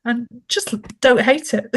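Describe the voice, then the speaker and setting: A woman's voice: sits high, fairly bright tone, slightly rough. A woman, an author guest in a casual podcast interview, self-deprecating, laughing often and restarting her sentences.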